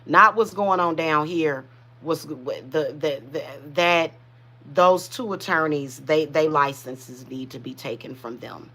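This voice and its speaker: A woman talks straight to her viewers in a loose, emotional livestream ramble, often restarting her sentences. Her voice is bright and forceful. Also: low-pitched, a little slow. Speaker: spiritual reader and channel host. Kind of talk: casual livestream chat to viewers.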